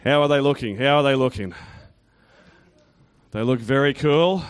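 A man's voice: mid-range voice, moderate pace, smooth. A man giving a playful children's talk in church, teasing and quizzing the kids and congregation.

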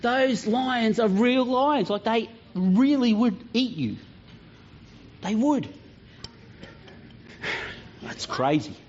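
A man's voice: very high-pitched, lively intonation, drawn-out words, pauses often, a little mellow, slight background noise. A man giving a playful, joking children's talk in church, quizzing the kids as he goes. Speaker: children's pastor. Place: church hall. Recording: dull lo-fi church sound.

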